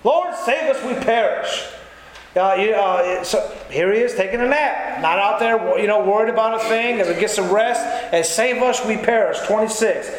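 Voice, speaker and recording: A man preaches in a folksy, conversational sermon, throwing in quick asides. His voice sits very high for a man. The sound bounces around a very echoey church hall with a faint hum of room noise. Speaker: pastor.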